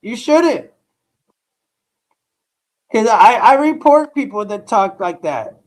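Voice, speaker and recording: A male live-stream host who speaks slowly and deliberately, drawing out his words. He talks straight to his viewers in blunt, profane, rambling rants. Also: high-pitched, sing-song. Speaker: livestream host reacting to news.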